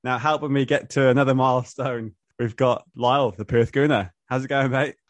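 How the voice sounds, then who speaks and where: A man's voice: medium pitch, fairly even intonation, brisk, no echo. A man with a New Zealand accent hosting a casual football podcast, speaking over a video call in a laid-back, matey way. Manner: laid-back, matey banter, laughs often. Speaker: podcast host. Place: motel room on a video call.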